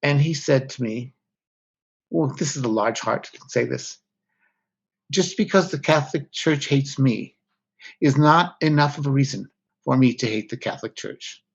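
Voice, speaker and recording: A man's voice: medium pitch, moderate pace, gravelly, pauses often, husky. A man, a guest author, speaking candidly and reflectively in an interview, often breaking off mid-thought. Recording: slightly dull lo-fi audio.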